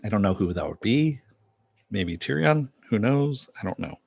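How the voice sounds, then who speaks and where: A man talks through a TV episode in a loose, chatty recap, tossing in asides and the occasional curse. His voice sits on the low side. The sound is dry and close, with no room around it. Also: expressive, moderate pace, creaky, a little mellow, no echo. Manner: loose and chatty, retells scenes with swearing asides. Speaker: TV show reviewer.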